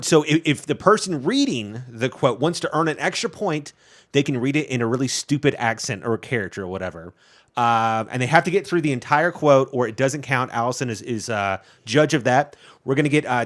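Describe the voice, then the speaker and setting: A man's voice: mid-range voice, expressive, brisk, a bit bright. A man co-hosting a podcast, talking in a casual rambling way with frequent restarts and laughs. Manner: rambling, stammering, laughs often. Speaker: podcast co-host. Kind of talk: casual game chat.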